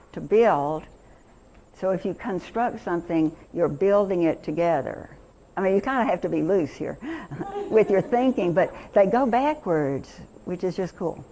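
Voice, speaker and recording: A woman teaching reading, chatty and enthusiastic, slowing down to sound out words. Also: fairly low pitch, a little mellow, a little hiss or hum, low-quality recording. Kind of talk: teaching demonstration.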